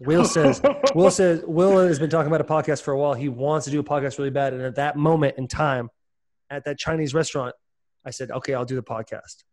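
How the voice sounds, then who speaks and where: Joking podcast host, a slightly high man. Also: steady tone, brisk, a little mellow. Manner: joking, loose, swears freely. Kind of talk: casual podcast chat.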